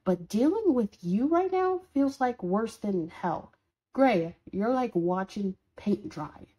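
A woman's voice: on the high side, animated, slow, dark tone, breathy edge, exaggerated voice. Woman as a bratty, sarcastic horned demon. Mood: mocking sarcasm. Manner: sarcastic, scolding, dramatic swings. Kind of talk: audio role-play for a listener.

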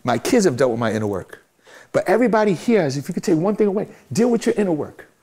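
Emphatic New man, higher voice. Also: very animated, quick pace, dark tone, slightly rough. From Brooklyn, New York. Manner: emphatic, repetitive, motivational. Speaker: guest, music manager. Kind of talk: candid interview talk.

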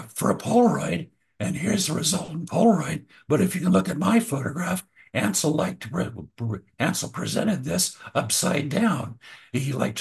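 Gravelly older man telling photo stories. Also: fairly high pitch. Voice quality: husky and gravelly. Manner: relaxed anecdotal, frequent uh and restarts. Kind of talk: casual storytelling over slides.

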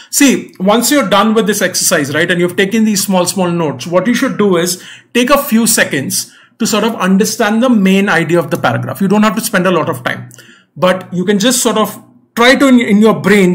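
A young man with a fairly high voice leads an online exam-prep class. He works through a reading passage patiently, repeating key points. He keeps checking that students follow along. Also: a bit bright. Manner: patient, repetitive explaining with frequent "right?" and "okay?" checks.

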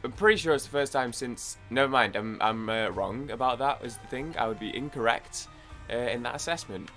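A man's voice: medium pitch, a little fast, fairly bright tone, faint music behind. A young man giving casual gameplay commentary, sounding groggy from lack of sleep and rambling with frequent restarts. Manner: rambling, many restarts, swears when frustrated. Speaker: gaming YouTuber.

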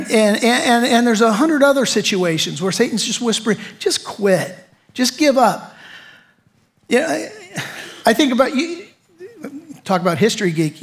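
Man, middle-aged, pastor delivering a chatty, punchy sermon. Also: high voice. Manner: conversational, emphatic preaching with rhetorical questions.

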